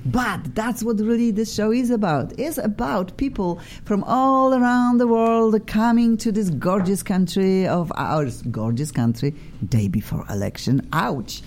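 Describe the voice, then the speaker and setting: A woman's voice: animated, a little slow, darkish tone. A woman with a Polish accent hosting a radio talk show from a studio, effusive and theatrical. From Poland. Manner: exuberant and theatrical, swooping pitch.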